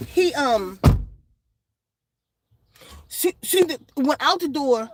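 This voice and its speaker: A woman's voice: sits high, lively intonation, very slow, a little hiss or hum. A woman vlogger telling a story in casual, blunt, profane street slang, outdoors in the sun.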